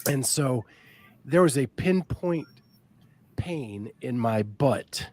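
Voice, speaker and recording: A man hosting a podcast, chatting casually and reading sponsor spots in a relaxed way with frequent ums. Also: medium pitch, slow. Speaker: podcast host. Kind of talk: casual chat and sponsor reads.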